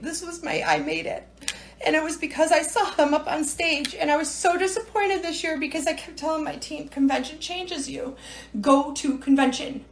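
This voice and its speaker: A woman's voice: high voice, slight background noise. A woman leading a sales team, talking casually and emotionally to her viewers on a livestream from home, tearful and rambling, often adding "right?" and "you know". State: tearful, near crying. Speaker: direct-sales team leader.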